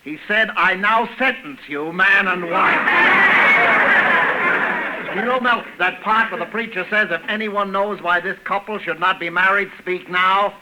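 A man's voice: high voice, unhurried, a loud crowd, heavy background noise. An actor playing a pompous, henpecked middle-aged lodge president in a 1940s radio comedy, telling jokes about his marriage with self-mockery. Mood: rueful.

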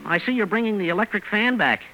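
An actor playing a bumbling young fix-it shop owner who cracks quick jokes and lets out nervous chuckles, in a 1940s radio comedy. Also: male voice, high voice, expressive, bright, forceful tone, heavily acted, rough recording. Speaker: comic lead of the show. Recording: very hissy old radio broadcast.

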